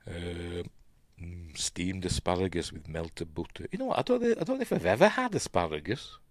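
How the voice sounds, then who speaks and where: A middle-aged Yorkshire man who hosts a film channel gives chatty, casual commentary on a movie he's reviewing, full of asides and self-corrections. His voice is deep and sing-song, at normal speed, with no room sound.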